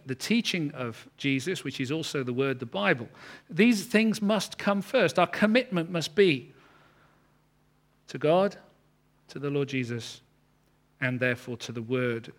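A man preaching a sermon, earnest and explanatory, slowing down to stress key words. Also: a little high, fairly bright tone. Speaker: pastor.

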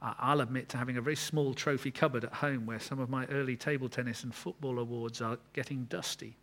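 A man preaching a sermon, earnest, building to emphatic peaks and then dropping low. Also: steady tone, quick pace, a bit bright.

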